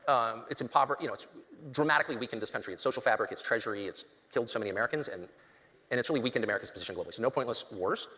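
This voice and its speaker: A man's voice: medium pitch, very fast, bright, forceful tone, long reverb tail. A man in his fifties giving a political speech to students, emphatic and rambling, with many ums and restarts.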